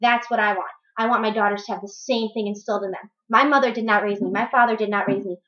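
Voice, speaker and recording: A woman's voice: mid-range voice, steady tone, fast, fairly bright tone. A young woman in her twenties ranting bluntly in a vlog monologue, swearing and repeating words for emphasis, at home with her child nearby. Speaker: vlogger. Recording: muffled echoey room recording.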